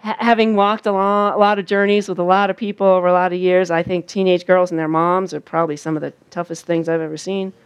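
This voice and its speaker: A woman's voice: lowish voice, quick pace, few pauses, smooth, no echo. Older woman preaching, dry outdoor sound. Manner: storytelling with sung and quoted voices, animated. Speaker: speaker at a church camp. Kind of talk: sermon. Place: outdoor camp gathering.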